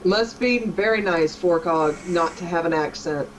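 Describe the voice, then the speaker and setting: A woman's voice: fairly low pitch, a little slow, slight background noise, poor audio. A woman from Texas, co-hosting a casual stream chat in a sassy, teasing way. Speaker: co-host.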